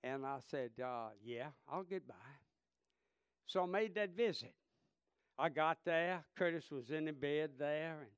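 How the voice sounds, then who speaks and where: A man in his thirties, a pastor, preaching a sermon and telling stories, swinging between impassioned shouts and hushed tones. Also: a little high, smooth, no room sound, studio quality. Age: 30s.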